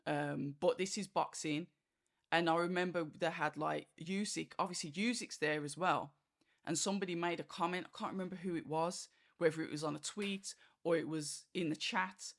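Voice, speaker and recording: A medium-pitched, fairly bright voice holds a steady tone at normal speed as the boxing host chats through a fight. It's a loose review monologue, full of "like" and "you know", with reactions acted out.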